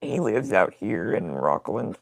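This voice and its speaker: A woman's voice: very deep voice, very animated, a little slow, gravelly, dry recording, heavily acted. A woman playing a worn-out, crude older woman on a prank phone call. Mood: flat, pleading. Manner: crude, rambling complaints. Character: worn-out older Southern woman, crass and blunt. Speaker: prank caller.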